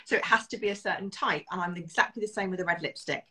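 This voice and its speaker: A middle-aged British woman with a lowish voice chats as a guest about her favourite beauty products. She sounds enthusiastic and self-deprecating and laughs easily. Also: fast talker, sharp tone. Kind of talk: casual interview chat.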